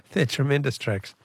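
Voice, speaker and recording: A man's voice: medium pitch, gravelly, husky, no room sound, studio quality. An Australian man hosting a talkback radio quiz, chatty and matey, reading out listener texts.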